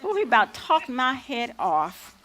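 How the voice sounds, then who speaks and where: A woman's voice: a little high, sing-song, measured pace, fairly bright tone, slight background noise. A woman playing a proud, shrewd old freedom fighter. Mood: amused. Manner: folksy vernacular storytelling, playful and defiant. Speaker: lead actor. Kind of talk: stage acting.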